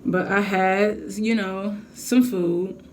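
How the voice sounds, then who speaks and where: A young woman vlogging from home, telling a heated storytime with lots of swearing. Her voice is of ordinary pitch for a woman, and she talks straight to her viewers. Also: slow pace, slight background noise. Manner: animated, profane venting storytelling. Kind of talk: casual storytime vlog.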